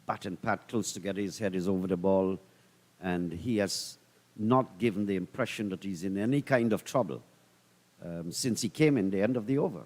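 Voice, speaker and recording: A man with a low voice calls the cricket in an easygoing, chatty manner. A long reverb trails behind his commentary. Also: moderate pace, a little mellow. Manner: easygoing, conversational analysis.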